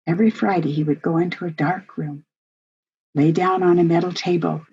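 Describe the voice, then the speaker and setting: Older lady telling a heartfelt story, low husky voice, kinda muffled lo-fi sound. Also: steady tone, normal speed, a little mellow. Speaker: family workshop presenter. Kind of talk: personal storytelling talk. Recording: dull lo-fi recording.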